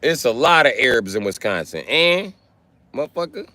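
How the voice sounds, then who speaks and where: Animated, profane man ranting on a livestream. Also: medium pitch, moderate pace. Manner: profane, confrontational, heckling. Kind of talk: casual livestream rant.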